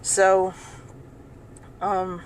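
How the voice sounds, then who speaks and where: A woman's voice: mid-range voice, completely flat delivery, drawn-out words, a little hiss or hum, rough recording. A woman vlogger talking casually to camera about her own experiences, rambling, restarting often and laughing. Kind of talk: casual personal talk to camera.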